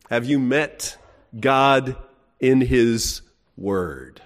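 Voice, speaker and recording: A man's voice: medium pitch, takes it slowly. A middle-aged man preaching a sermon in a folksy, emphatic way, asking his listeners questions. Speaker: pastor.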